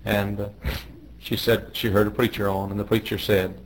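A man's voice: on the low side, little pitch movement, normal speed, poor audio. A middle-aged man, a pastor, telling joking stories in a folksy way on a radio devotional. He raises his voice when he quotes people.

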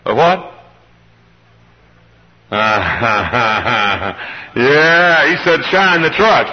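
A man's voice: medium pitch, lively intonation, very slow, pauses often, lo-fi sound. A man preaching a sermon to a church congregation, directing members by name and calling for responses. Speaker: pastor. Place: church service.

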